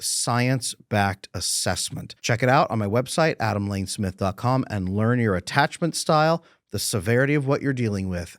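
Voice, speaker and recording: A middle-aged man teaching relationship skills to camera, emphatic, acting out breathing and relaxed posture as he explains. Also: medium pitch. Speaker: relationship coach.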